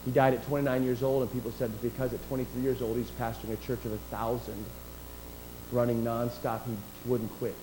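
A man preaching a sermon who swings from quiet asides to loud, drawn-out emphatic lines and reads scripture aloud. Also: mid-range voice, little pitch movement, noisy background. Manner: reads scripture in King James wording.

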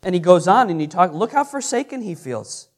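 A man's voice: high-pitched, sing-song, a little fast. A man teaching scripture as a pastor, asking the audience questions and reading verses aloud with earnest emphasis. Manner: earnest, repeats and restarts, reads scripture aloud with rising emphasis. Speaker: pastor teaching a Bible class. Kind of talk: interactive sermon with questions to the audience.

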